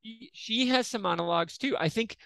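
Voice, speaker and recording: Male podcast guest, bright forward tone, dry close sound, lively and joking. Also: sits high, fairly quick, creaky, no echo. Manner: animated, jokey, acts out quotes. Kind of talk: casual film discussion chat.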